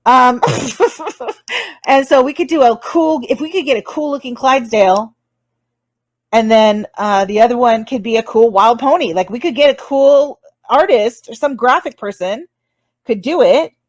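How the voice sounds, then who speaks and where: A woman's voice: fairly high pitch, moderate pace, no room sound. A woman hosting a casual livestream chat, rambling and laughing often between apologetic asides. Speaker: livestream host.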